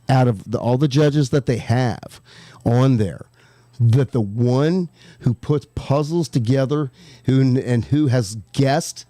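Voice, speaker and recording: A man's voice: mid-range voice, dark tone, dry recording. Man, radio host, casual chatty storytelling, mid-range voice, dry close sound. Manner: chatty, storytelling, trails off and restarts. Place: radio studio.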